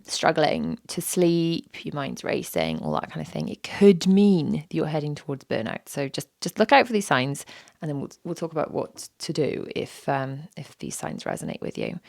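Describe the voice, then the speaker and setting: Hoarse British woman with a sore throat. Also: sits low, no echo, studio quality. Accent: British English. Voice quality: scratchy. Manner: chatty, breaks into whispers on a failing voice. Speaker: podcast host; mother. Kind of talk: casual solo podcast talk.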